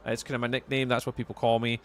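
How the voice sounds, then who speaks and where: This young Scot from around Edinburgh speaks rapid-fire in a flat, medium-pitched voice. He plays a game live, chatting casually with viewers, reading their messages aloud and repeating phrases.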